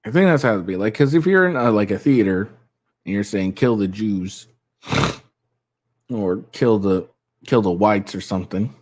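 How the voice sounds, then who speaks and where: Rambling low-voiced man commenting casually. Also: lively intonation, normal speed, pauses often. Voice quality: rambling, swears often, frequent restarts. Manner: thinks aloud, trails off quietly at times. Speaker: commentary streamer.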